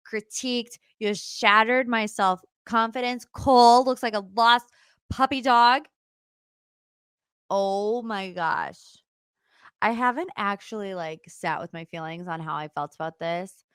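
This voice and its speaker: A woman's voice: mid-range voice, fairly bright tone, dry recording, clean studio sound. A young adult woman hosting a casual pop-culture podcast, chatty and opinionated, with sarcastic asides. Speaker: podcast host.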